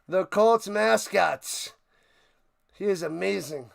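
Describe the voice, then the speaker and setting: A man hosting a live-stream watch party, excitedly calling a football finish, hoarse and out of breath as he loses his voice. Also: high voice, a little slow. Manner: hyped, shouting, repeats phrases.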